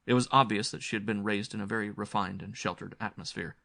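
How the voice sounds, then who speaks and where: Deep-voiced man narrating a grim horror tale. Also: steady tone, fast talker, gravelly, bright, forceful tone. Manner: dramatic, grim storytelling. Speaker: audiobook narrator. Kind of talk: first-person audiobook narration.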